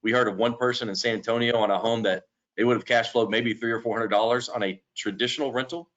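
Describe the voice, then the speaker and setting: A man presenting in a business webinar, explaining things in a steady, explanatory way. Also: medium pitch, quick pace. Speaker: lending company presenter. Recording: dull lo-fi webinar audio.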